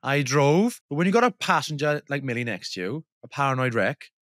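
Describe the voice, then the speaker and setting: A man's voice: medium pitch, expressive, a little fast, a bit bright, no echo. Guy, young, chill and teasing, laughing a lot, dry close sound. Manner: laid-back, teasing, laughs often. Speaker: podcast co-host. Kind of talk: casual chat.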